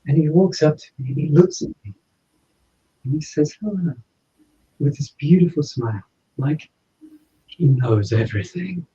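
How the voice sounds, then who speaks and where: Mellow man telling a story. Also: on the high side, normal speed, pauses often. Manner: animated, acts out dialogue. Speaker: podcast guest. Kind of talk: personal storytelling. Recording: slightly dull lo-fi audio.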